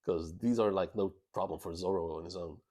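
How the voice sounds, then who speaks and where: A man with a somewhat low voice reacts live to a new comic chapter. He is excitable and laughs easily, often stumbling and restarting words mid-thought. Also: a little fast. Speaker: channel host reacting to a manga chapter. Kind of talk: live reaction, reading aloud and commenting.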